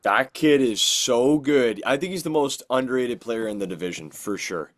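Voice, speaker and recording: A man's voice: medium pitch, lively intonation, moderate pace. A man co-hosting a hockey podcast, chatting in an easygoing way and chiming in often. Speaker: podcast co-host and announcer. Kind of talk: casual chat.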